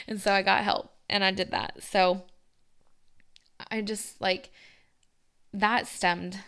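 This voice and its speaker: A woman's voice: medium pitch, steady tone, moderate pace, a bit bright, smooth. A young woman hosting her own podcast, talking candidly and rambling a little, with many fillers. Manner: candid, rambling, says "like" often. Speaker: podcast host. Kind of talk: personal podcast monologue.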